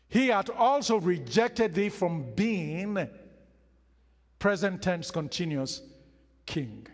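Man, pastor, sermon, unhurried delivery, emphatic repetition, long church reverb. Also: on the high side, animated, breathy edge. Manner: emphatic preaching with repeated phrases and acted-out quotes. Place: church hall. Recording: hall reverb.

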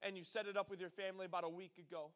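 High-voiced young preacher, energetic. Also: male voice, rapid-fire. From northern US. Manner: energetic storytelling, acts out quoted voices. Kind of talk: sermon.

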